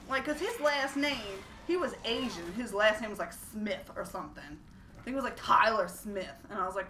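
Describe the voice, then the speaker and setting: A woman's voice: medium pitch, moderate pace. A young woman telling stories casually while playing a game, profane and laughing as she talks. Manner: profane, laughing, animated storyteller. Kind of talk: casual storytelling over gameplay. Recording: roomy, distant, noisy room recording.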